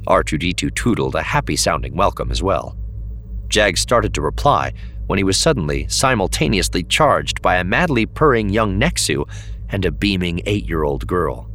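A man reads a novel aloud in a steady, even storytelling voice. His voice is very deep. A faint hum sits underneath. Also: normal speed. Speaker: audiobook narrator. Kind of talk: scripted narration.

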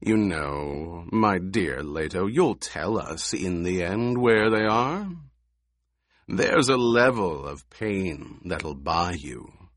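A man's voice: low-pitched, expressive, slow, no room sound, clean studio sound. A man voicing a scheming, menacing male baron with a silky, insinuating delivery.

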